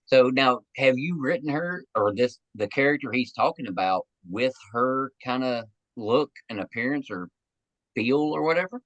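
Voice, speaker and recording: An enthusiastic man hosts a casual interview, his pitch rising and falling with lively energy. His voice sits at a middling pitch. The recording is dry, with no room echo. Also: normal speed, muffled recording. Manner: enthusiastic, animated. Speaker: podcast host.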